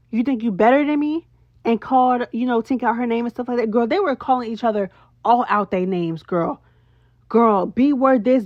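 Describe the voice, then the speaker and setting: A woman's voice: fairly high pitch, no echo, highs cut off. Sassy woman dishing on reality TV. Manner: sassy, animated, talks straight to viewers with slang. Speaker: reality show recap host. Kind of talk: casual recap commentary.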